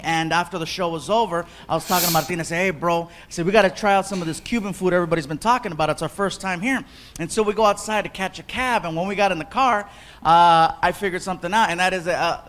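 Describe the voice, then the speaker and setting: A man doing animated stand-up storytelling, acting out characters with loud outbursts. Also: high voice. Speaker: stand-up comedian. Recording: live club set with a laughing crowd and room noise. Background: audience laughter.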